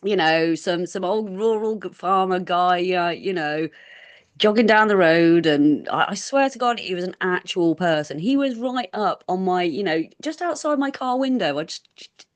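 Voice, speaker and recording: A woman with a fairly low voice tells a story in a rambling, chatty way. She is a podcast guest and acts out quoted lines as she goes. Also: lively intonation, normal speed. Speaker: guest paranormal researcher. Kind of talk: casual storytelling interview.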